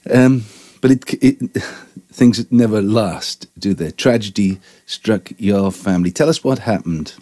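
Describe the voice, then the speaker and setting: A male interviewer with a lowish, warm, mellow voice. He prompts his guest with gentle, measured questions.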